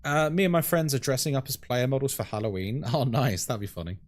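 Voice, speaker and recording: A British man with a medium-pitched voice talks fast while live-streaming a horror game. He chats casually, explains things, and answers his chat, filling his speech with lots of "like" and "um."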